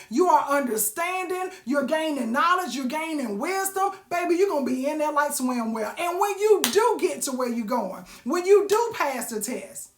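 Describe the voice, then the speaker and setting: A woman's voice: high voice, fairly bright tone, reverberant. A woman giving a sassy, preachy motivational talk, calling listeners baby and honey. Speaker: motivational vlogger.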